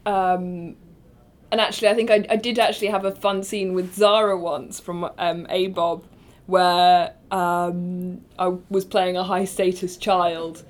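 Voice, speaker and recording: Unhurried, laughing woman improviser. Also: fairly low pitch, flat delivery. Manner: self-deprecating, laughs often. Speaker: guest improviser. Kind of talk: casual podcast chat.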